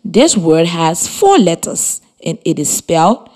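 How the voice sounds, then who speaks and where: A woman teacher with a Liberian English accent gives a scripted radio lesson to children. Her voice sits a little low, but her pitch swings widely as she speaks. She takes her time, spelling words letter by letter. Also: sing-song, a little slow, a little mellow.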